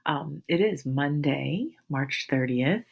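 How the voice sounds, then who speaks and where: A woman's voice: low-pitched, expressive, slow, gravelly, slightly rough. A woman in her forties, a teacher, telling her students a rambling, amused story in a casual, chatty way.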